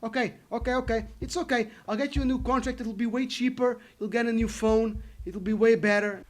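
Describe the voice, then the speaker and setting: A man's voice: very high voice, steady tone, brisk. A man voicing a pushy male phone shop seller who talks in eager, wheedling patter.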